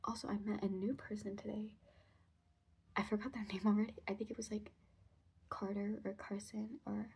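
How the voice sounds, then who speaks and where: Whispering woman with a gravelly, breathy voice. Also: medium pitch, little pitch movement, normal speed, pauses often, darkish tone. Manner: often whispers, rambling with many "um" and "like". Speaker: diary vlogger. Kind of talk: casual spoken video diary.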